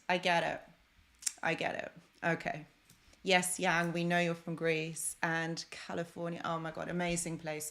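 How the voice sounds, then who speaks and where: Speaking into a desk microphone, a woman hosts a casual live stream, chatting effusively with viewers and greeting them by name before becoming encouraging and reassuring. Her voice is fairly low and a bit bright.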